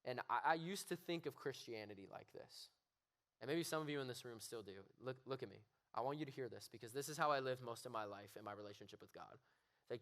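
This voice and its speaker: A man's voice: mid-range voice, a little fast, fairly bright tone. A young man giving a youth sermon, earnest and building to raised, emphatic pleading. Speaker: youth pastor. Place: youth service room with audience.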